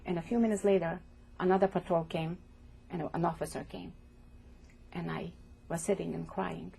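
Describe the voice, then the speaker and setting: Gravelly older woman giving halting testimony. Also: on the low side, steady tone, warm tone. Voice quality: gravelly, husky. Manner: halting, restarts and repeats words. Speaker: interviewee, survivor giving testimony. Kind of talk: oral history testimony.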